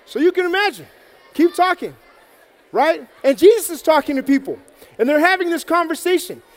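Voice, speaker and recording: A man telling a Bible story to children in a lively, playful way, acting it out and getting out of breath. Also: very high voice, big-room sound. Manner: energetic, playful, acts out the story. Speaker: children's preacher. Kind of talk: animated Bible story for kids. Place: church hall with an audience.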